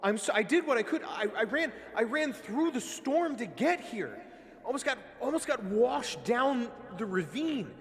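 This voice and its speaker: A man's voice: very high-pitched, big pitch swings, a little slow, in a large hall, pitched above the performer's own voice, exaggerated voice. A man voicing a frightened male carriage driver who stammers apologies. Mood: pleading. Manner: stammering, pleading.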